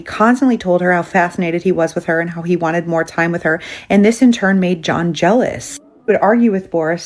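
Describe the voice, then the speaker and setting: Female storyteller, lower voice, brisk conversational retelling, quotes people as she goes. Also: a little mellow.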